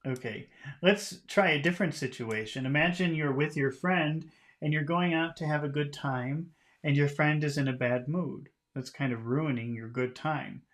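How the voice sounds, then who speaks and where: A man giving a casual English lesson, explaining phrases in a relaxed way and often chuckling. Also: a little high, normal speed. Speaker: English teacher.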